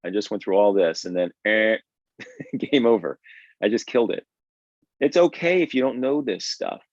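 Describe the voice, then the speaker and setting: Hosting a live drawing lesson as the instructor, this man speaks at normal speed in a lowish voice with big swings in pitch. He keeps things energetic and conversational, frequently asking "right?" The stream audio is dull, lo-fi and dry, with no room sound.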